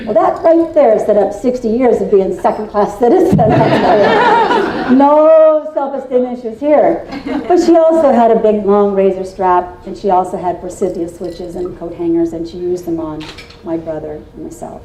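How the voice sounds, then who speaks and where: An Indiana woman in her sixties delivers a storytelling keynote to a live crowd in a meeting room, her mid-range voice animated, dark in tone and at normal speed. She's folksy, playful and confiding, teasing the audience along the way, heard through a distant mic in a roomy hall.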